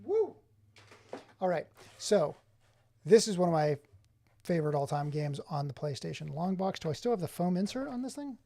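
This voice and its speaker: Male streamer, casual and excitable, with a soft, mellow tone, chatting with viewers. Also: high-pitched, normal speed, vocal fry, pauses often. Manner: excitable, exclaims often, chats with viewers by name. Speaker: streamer showing his game collection. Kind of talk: casual live-stream chat. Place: home office.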